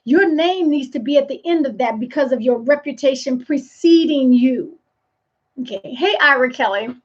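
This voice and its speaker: A high-pitched woman speaks as a leadership coach in a motivational live talk. Her delivery is emphatic and preachy, with repeated phrases for weight. The sound is dull and lo-fi. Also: moderate pace.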